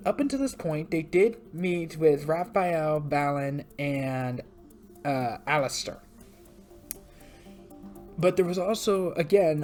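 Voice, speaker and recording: A woman's voice: low voice, darkish tone. A woman narrating a story game as a let's play host, chatty and full of asides.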